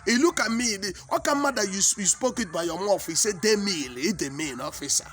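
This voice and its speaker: A Nigerian man with a Nigerian accent, whose mother tongue is Igbo, tells a comic story in pidgin English, animated, exclaiming, and often repeating himself. His voice sits high and he talks fairly quickly over soft background music.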